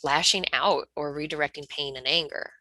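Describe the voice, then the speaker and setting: A woman's voice: sits low, moderate pace, bright, forceful tone, dry recording. A woman sharing candidly in a casual peer talk, swearing a lot and often restarting her sentences. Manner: raw, heavy swearing, frequent restarts.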